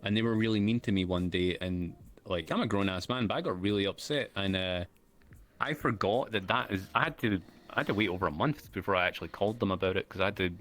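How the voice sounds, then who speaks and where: A man's voice: deep voice, fast talker, fairly bright tone. A man hosting a casual interview in an easygoing, slangy way. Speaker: host.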